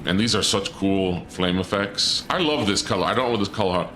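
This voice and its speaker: A man's voice: low voice, brisk, noisy background. A man streaming a game, chatting casually to his viewers and rambling through a story, often trailing off and restarting sentences. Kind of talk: casual gameplay commentary to chat. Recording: music playing behind the voice.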